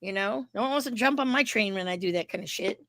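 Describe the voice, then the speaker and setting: A woman's voice: mid-range voice, fast, dry recording. A woman co-hosting a wrestling podcast, talking bluntly and swearing freely in casual chat. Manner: blunt, profane, animated asides. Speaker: podcast co-host.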